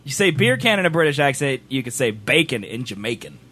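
A young man hosting a livestream, chatting casually and joking with loud laughs at a home streaming setup. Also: medium pitch, very animated, fairly quick. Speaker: livestream host.

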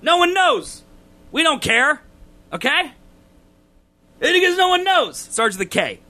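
A man co-hosting a casual podcast, ranting loudly and getting exasperated. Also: extremely high pitch, sing-song, a little slow. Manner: loud, exasperated ranting that climbs into shouting. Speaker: podcast co-host.

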